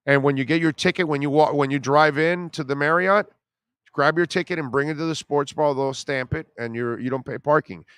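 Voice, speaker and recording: Middle-aged male sports talk host, casual and chatty, smooth voice, dry studio sound. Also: fairly high pitch, a little fast, fairly bright tone, no echo. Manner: chatty, self-deprecating, emotional. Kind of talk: casual live show chat reading comments.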